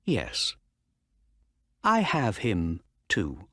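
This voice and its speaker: A man doing a calm clever detective. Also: low voice, drawn-out words, no room sound, studio quality, exaggerated voice. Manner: calm, explaining patiently. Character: calm clever male detective, middle-aged.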